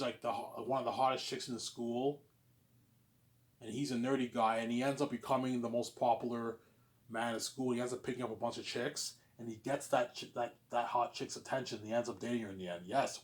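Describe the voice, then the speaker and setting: A man vlogging in a casual monologue, answering his own questions in a rambling, repetitive way with stammered restarts, jumping between loud bursts and low mutters. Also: steady tone, normal speed.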